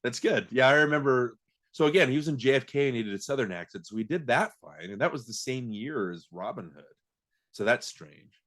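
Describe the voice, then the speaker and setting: A man's voice: mid-range voice, lively intonation, brisk, a bit bright. A man co-hosting a podcast, chatting casually about films in a rambling way, often restarting his sentences. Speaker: podcast co-host. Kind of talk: casual film chat.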